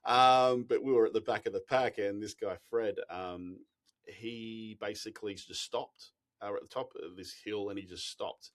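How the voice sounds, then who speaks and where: Lively Australian man telling travel stories. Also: lowish voice, moderate pace. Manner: animated anecdotes with frequent restarts and laughter. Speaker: expedition company founder, guest. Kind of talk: casual storytelling interview.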